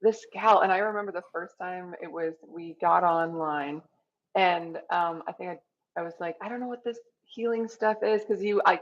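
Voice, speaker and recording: A woman's voice: fairly low pitch, creaky, highs cut off. A woman hosting an interview over a video call, gushing with enthusiasm and stumbling through fillers. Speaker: host. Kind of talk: casual interview chat.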